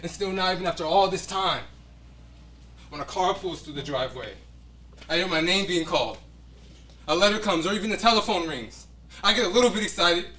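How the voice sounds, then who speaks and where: A man's voice: fairly high pitch, normal speed, pauses often, sharp tone, recorded from a distance. A man acting a stage monologue as a grieving young man still waiting for a lost love, speaking with bitterness and longing. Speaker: acting student. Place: acting studio room.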